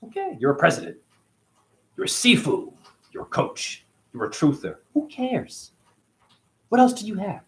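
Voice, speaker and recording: A man's voice: high voice, wildly swooping pitch, normal speed, pauses often. Middle-aged guy ranting on a livestream, swears a lot, preachy, voice jumps all over. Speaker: spiritual livestream host. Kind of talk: livestream rant answering chat.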